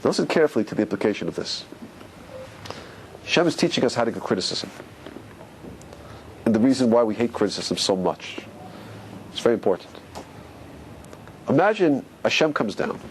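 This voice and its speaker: A man, a rabbi, teaching a lively Torah class, questioning his listeners and repeating key points for stress. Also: mid-range voice, a little fast, pauses often, a little hiss or hum.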